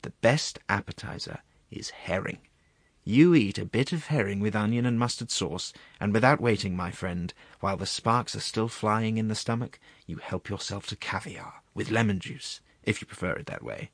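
A greedy, dreamy clerk, as a man reads him murmurs in a low half whisper, lingering lovingly over each dish. The voice is quiet and close, with a dry sound and no room around it. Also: normal speed, husky, dry recording. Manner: hushed, half-whispered, rapturous. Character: gluttonous male clerk savoring food talk.

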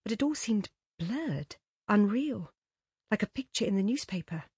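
A woman reading a literary story aloud as narrator in an expressive, measured way. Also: medium pitch, breathy edge, no echo, studio quality. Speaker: audiobook narrator.

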